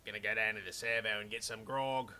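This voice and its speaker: A man's voice: on the low side, fairly even intonation, fast, voice pushed down. A man putting on a swaggering, slangy Australian accent to play a brash bloke peddling potions. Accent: Australian, put on. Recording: loud keyboard clicks behind.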